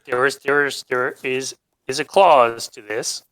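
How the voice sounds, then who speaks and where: Man player, bright forceful tone, earnest in-character talk. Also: medium pitch, fairly even intonation, measured pace, no echo, low-quality recording. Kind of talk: casual tabletop game chat.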